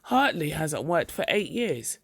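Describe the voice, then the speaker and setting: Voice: mid-range voice, big pitch swings, measured pace, breathy edge, no room sound, clean studio sound, heavily acted. A reader voicing a cheerful, pious wife who talks sweetly and patronizingly about her husband, in a storybook reading. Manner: bright, sweetly chiding.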